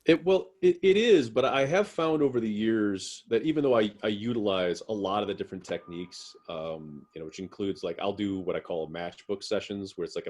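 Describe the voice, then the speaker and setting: A man, a guest musician, answering interview questions in a rambling way, with many fillers and restarts. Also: sits low.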